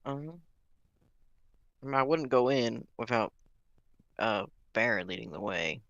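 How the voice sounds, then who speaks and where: Player, male, mid pitch, dry close sound, hesitant and deferential. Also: lively intonation, unhurried, vocal fry, a bit bright, no room sound, dull audio. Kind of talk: casual tabletop role-play.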